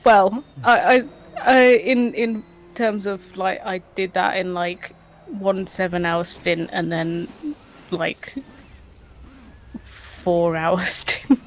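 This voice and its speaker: A woman's voice: on the low side, steady tone, slow, a little hiss or hum. A woman chatting casually on a game livestream, reading out viewer comments, hesitant with lots of ums and giggles. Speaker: livestream co-host.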